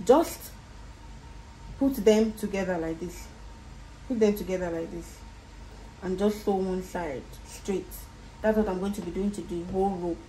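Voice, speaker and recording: With a lowish, dark voice and a steady tone, a Nigerian-accented woman teaches a casual sewing tutorial at a moderate pace. She works through the project step by step, patiently repeating each instruction. The recording has a roomy echo and faint background noise.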